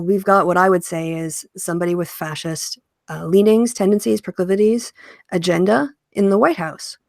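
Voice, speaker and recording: A woman's voice: on the low side, no room sound, clean studio sound. A woman hosting a casual interview chat, thinking aloud and reading definitions before explaining them. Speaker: podcast host.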